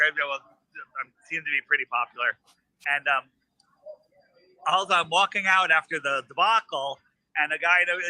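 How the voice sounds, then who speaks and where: A man telling a story in casual chat, animated and acting out the lines of the people in it. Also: fairly high pitch, brisk, pauses often, no room sound, poor audio. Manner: animated, acts out quoted dialogue. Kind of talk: casual storytelling on a live stream.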